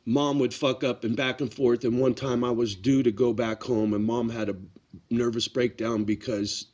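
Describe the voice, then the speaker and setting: A man's voice: mid-range voice, level tone, moderate pace, a little mellow. A middle-aged man telling a personal story in a casual vlog, blunt and profane, getting worked up as he talks. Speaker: vlogger.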